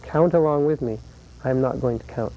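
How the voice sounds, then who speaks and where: A man teaching flamenco guitar, explaining rhythm patterns patiently and counting beats aloud slowly. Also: mid-range voice, heavy background noise. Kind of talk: instructional lesson.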